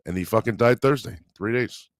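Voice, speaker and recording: A man co-hosting a podcast in casual chat, talking bluntly and swearing freely, with low mumbled asides. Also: fairly quick, no room sound, studio quality. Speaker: podcast co-host.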